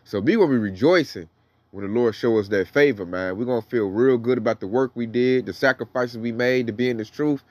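A man's voice: mid-range voice, brisk, darkish tone, dry recording, highs cut off. A man teaching the Bible in a casual, slangy preaching style, reading verses aloud between his comments. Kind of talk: casual sermon with scripture reading.

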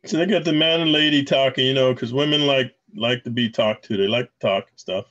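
A man's voice: medium pitch, a little fast, fairly bright tone, muffled recording. A man talking casually to his viewers in a rambling way, commenting on video clips he plays. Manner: rambling, addresses viewers as guys. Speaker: channel host.

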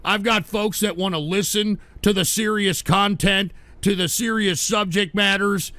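A man hosting a livestream talk show, scolding his audience in an exasperated rant that keeps breaking into shouts. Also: high voice, steady tone, unhurried, no room sound.

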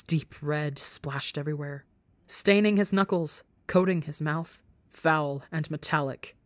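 A woman with a low voice narrates a story podcast, reading with intense feeling. The recording is dry and close, with no room sound. Her delivery swings between hushed and urgent. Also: dry recording. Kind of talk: audiobook narration of fan fiction.

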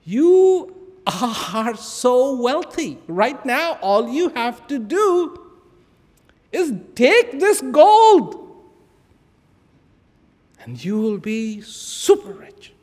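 A patient, instructive old sage, voiced by a male narrator, slow and lilting. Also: very high-pitched, sing-song, a little mellow, voice pushed up, full character voice. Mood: urging. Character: calm wise old man giving counsel. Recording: long reverb of a large hall.

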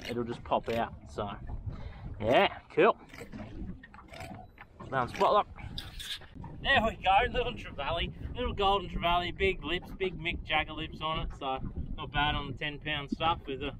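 Excitable man fishing from a boat. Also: a little high, moderate pace, pauses often. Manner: excitable, chatty, talks to the fish and viewers. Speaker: fishing vlogger. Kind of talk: casual commentary while fishing. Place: outdoors on a small boat on the water. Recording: outdoor boat and water noise.

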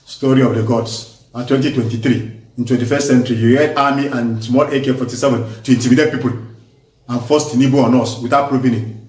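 A man's voice: mid-range voice, steady tone, fast talker. Fiery Nigerian man in an echoey room. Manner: forceful, repetitive, emphatic, mixes in pidgin. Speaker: vlogger. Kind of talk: impassioned political commentary. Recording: echoey room, voice distant from mic.

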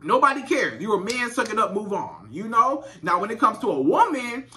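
A man's voice: high-pitched, sing-song, normal speed, heavy background noise. A man giving relationship advice to women in a casual monologue, stammering, restarting and repeating himself. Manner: repetitive, stammering restarts, acts out quoted voices.

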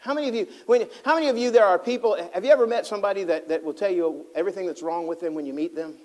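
A man preaching a sermon as pastor, swinging between loud fervent passages and hushed tender asides, acting out the people he describes. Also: high voice, rapid-fire. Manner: acts out voices of people he describes.

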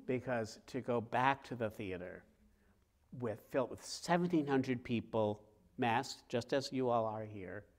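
A middle-aged author talking with a host before a live theater audience, telling stories in a lively way and acting out scenes. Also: male voice, medium pitch, measured pace. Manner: lively, acts out scenes with sounds and quoted voices. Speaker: author guest. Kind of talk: animated storytelling in conversation.

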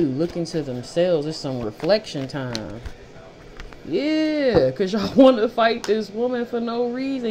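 A woman's voice: low voice, a little mellow, a little hiss or hum. A woman giving a casual tarot reading who talks bluntly, swears freely and repeats phrases for emphasis. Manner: blunt, profane and fired up. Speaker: tarot reader.

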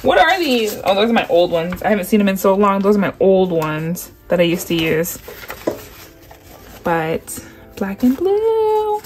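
A young woman vlogger chatting excitedly through an unboxing. She gasps often and keeps saying how much she loves each item. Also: mid-range voice, brisk, few pauses. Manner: gushing, gasping, repeats "oh my gosh".

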